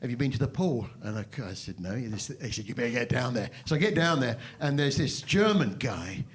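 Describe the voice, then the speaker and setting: A man doing live stand-up on a stage before an audience. He tells a story in a halting, mock-serious, self-deprecating way, full of fillers and restarts, and banters with the crowd. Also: medium pitch, lively intonation. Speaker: stand-up comedian.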